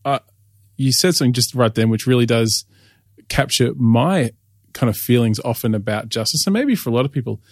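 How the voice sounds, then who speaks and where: A man's voice: mid-range voice, fairly quick, no echo, studio quality. An Australian man, a pastor interviewing a guest, asking long, thoughtful questions in a rambling way.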